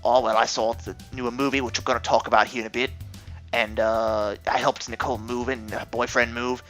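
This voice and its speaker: A man voicing a young man with a put-on Australian twang, talking in a low, laid-back drawl. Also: flat delivery, brisk, a bit bright, soft background music, close to an everyday voice. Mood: easygoing.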